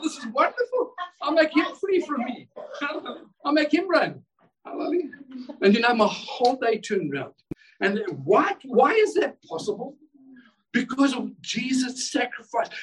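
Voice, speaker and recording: A man's voice: high voice, far from the mic, low-quality recording. A male pastor preaching a sermon in a church service, fervent and exclamatory, often repeating words as he builds a point.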